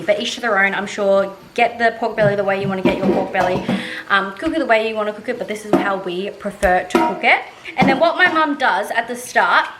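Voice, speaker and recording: Young female vlogger, bright and a little high, chatty, slangy and rambling; echoey kitchen sound. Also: slight background noise. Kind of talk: casual chatty vlog. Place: home kitchen.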